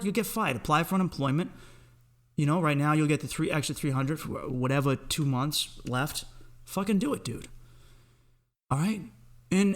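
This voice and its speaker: A young man hosting a podcast, delivering a rambling, profane comic pep talk straight at the listener. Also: on the high side. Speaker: podcast host.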